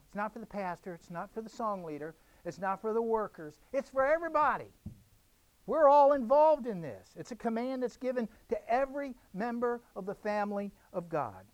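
A man's voice: high-pitched, no room sound. Emphatic preaching man, dry sound. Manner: emphatic preaching with repeated phrases. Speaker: pastor. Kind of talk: sermon.

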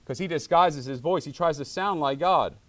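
A middle-aged man preaching a sermon to his church, animated and acting out voices when he quotes people. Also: fairly high pitch, normal speed. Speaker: pastor.

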